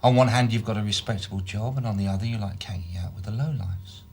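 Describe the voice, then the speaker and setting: A man's voice: on the low side, fast, a little mellow, slightly rough. An actor playing a male police detective who questions a suspect with sardonic, probing remarks.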